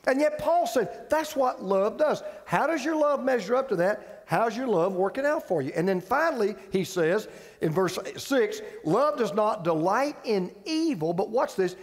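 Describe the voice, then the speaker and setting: Male pastor, high-pitched, conversational and emphatic preacher who keeps questioning his listeners. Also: lively intonation, moderate pace, in a large hall. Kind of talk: sermon. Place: church sanctuary with audience.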